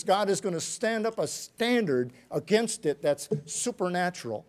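A man preaching a sermon, with an emphatic delivery that rises loud and drops low. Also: sing-song, normal speed. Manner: emphatic, rising and falling delivery.

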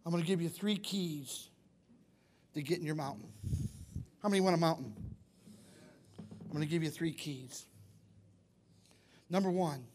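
A man's voice: fairly high pitch, a little mellow. A man preaching a sermon in church, emphatic and repetitive, often questioning the congregation. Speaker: pastor.

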